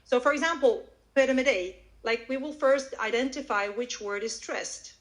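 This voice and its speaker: A woman language teacher explaining her methods on a live audio call, animated and demonstrative, with frequent restarts. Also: on the high side, moderate pace, rough recording. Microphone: online audio call.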